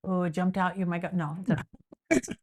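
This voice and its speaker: This podcast guest is a middle-aged psychic medium from Southern California whose voice sits on the low side. She explains at a normal speed in a lively, casual manner, often starting her sentences over.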